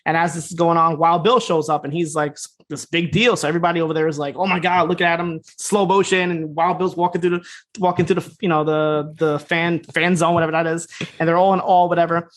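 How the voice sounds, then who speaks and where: Guy on a podcast rattling thru a show recap, talks real fast, loose and jokey. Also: fairly high pitch, a bit bright. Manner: fast, loose retelling with quick quoted voices and laughs. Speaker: podcast co-host. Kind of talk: casual recap chat.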